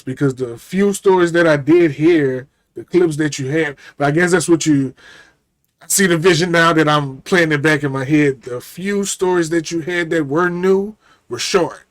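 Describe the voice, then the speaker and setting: A man giving casual reaction commentary in a slightly high voice. He talks loosely and thinks aloud. The sound is dry and close, with no room echo. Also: unhurried. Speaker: reaction video host.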